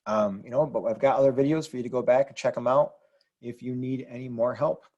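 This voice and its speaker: A man's voice: medium pitch, steady tone, fairly quick, a little mellow, muffled recording. Patient man teaching grammar. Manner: patient, spells words out letter by letter. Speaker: Spanish teacher. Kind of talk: explaining grammar on a whiteboard.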